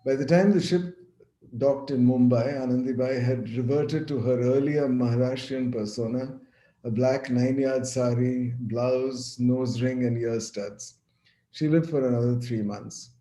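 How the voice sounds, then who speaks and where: A man delivers an academic talk over a video call, his voice dark and mellow. He reads measured passages with small restarts, and the room around him echoes noticeably. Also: medium pitch, steady tone. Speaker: lecturer. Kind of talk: academic lecture, partly read.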